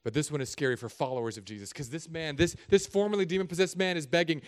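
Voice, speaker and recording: Animated, higher-voiced male pastor preaching. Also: fast talker, hardly any pauses. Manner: animated, conversational, joking. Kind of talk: sermon.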